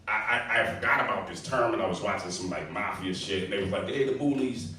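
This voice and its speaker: A man's voice: deep voice, quick pace, pushed and bright. A man doing a loose, crowd-baiting stand-up set at an open mic, often laughing at his own jokes. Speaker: stand-up comic. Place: small comedy club. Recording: echoey room from far off, faint hiss.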